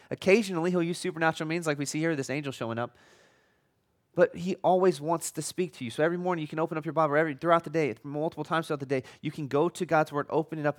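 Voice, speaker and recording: A middle-aged man delivers a sermon in a relaxed, chatty way. His voice sits a little high for a man, and he often restarts phrases and drops in light jokes. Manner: conversational, repeats and restarts words, jokey asides. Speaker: pastor.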